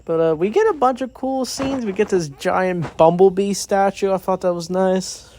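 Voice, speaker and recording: A man's voice: high voice, normal speed, darkish tone, slight background noise. A man giving a casual, rambling movie review, recapping the plot with many fillers and quoted lines.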